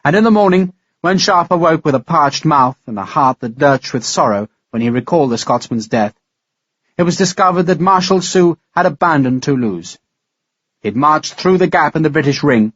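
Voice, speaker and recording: A man narrating a historical audiobook in a measured, dramatic reading style. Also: medium pitch, a bit bright, no room sound, lo-fi sound. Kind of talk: scripted narration.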